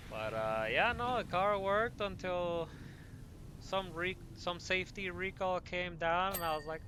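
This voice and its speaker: A young adult man telling a long casual story while playing a game, animated, with many fillers and self-corrections. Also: fairly high pitch, moderate pace, slight background noise. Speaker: gaming podcast host.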